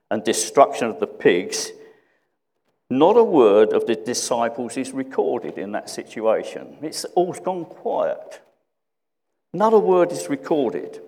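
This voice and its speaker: A man preaching a sermon in a reflective way, often repeating questions and dropping to a hush. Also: mid-range voice, in a large hall.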